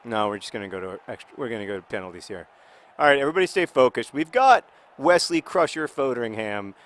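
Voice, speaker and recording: A man chats loosely while playing a video game, his voice rising and falling in a lively, animated way. He rambles and restarts his thoughts often. Without warning he can burst into loud, excited yelling at the match. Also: medium pitch, fast. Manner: rambling, with many restarts and fillers. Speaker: author and video game player.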